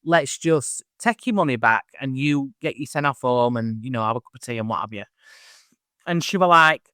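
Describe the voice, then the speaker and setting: A man, a medium being interviewed, telling stories in a chatty, animated way. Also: fairly high pitch, a little fast, no echo, studio quality. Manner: chatty, animated, acts out voices in anecdotes. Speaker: medium, podcast host as guest. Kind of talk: casual interview storytelling.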